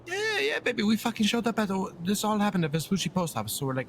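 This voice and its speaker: Fast, lively, foul-mouthed roleplaying man. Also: high-pitched, noisy background. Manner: excitable, swears constantly, rambling storyteller. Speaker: roleplay character in a crime city game. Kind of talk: in-character roleplay chat.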